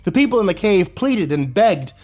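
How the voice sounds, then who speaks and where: A man narrating a horror story in a steady storytelling delivery. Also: high voice, moderate pace.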